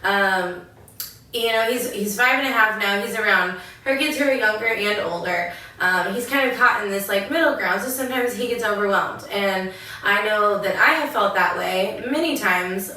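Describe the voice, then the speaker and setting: A woman's voice: mid-range voice, sharp tone. A young adult woman co-hosting a podcast, talking earnestly and reflectively in casual chat. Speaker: podcast co-host. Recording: echoey room, mic far off.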